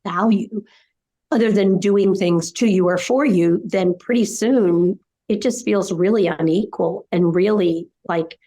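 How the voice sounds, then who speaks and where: A woman's voice: medium pitch, unhurried, mellow. Emphatic older woman, rhythmic repetition. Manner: emphatic, repeats phrases in short rhythmic runs; acts out caregiver scenarios mid-answer. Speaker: dementia care educator. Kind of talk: conversational interview answers.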